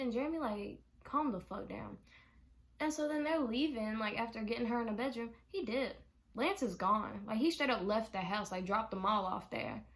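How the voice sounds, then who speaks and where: A young woman recounts a story in an animated, exasperated tone. Her voice sits a bit high for a woman, and she talks casually and swears freely. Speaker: vlogger.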